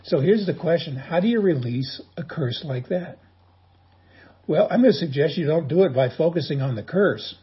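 A male pastor delivers a sermon in a folksy, joking storytelling way. His voice sits a little high and is deeply husky and rough. The recording sounds dull and lo-fi. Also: lively intonation, moderate pace.

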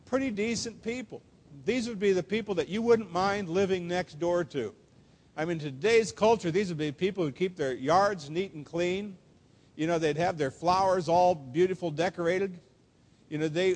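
A man preaching in a fairly high voice, earnest and emphatic, leaning hard on quoted phrases. His words ring out with the long reverb of a church sanctuary. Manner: earnest, emphatic preaching with slow, stressed quotations. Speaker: pastor. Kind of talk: sermon.

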